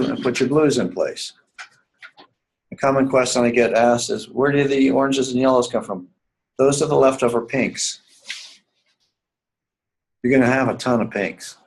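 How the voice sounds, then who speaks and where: A man with a mid-range voice, captured on poor audio, teaches a live writing seminar. He is emphatic and repetitive, hammering key points and often asking the students whether they follow.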